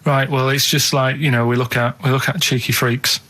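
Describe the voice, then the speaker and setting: A man in his thirties chatting on a radio show, telling stories in a blunt, deadpan way from a studio. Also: medium pitch, a little fast. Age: 30s. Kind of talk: casual radio chat.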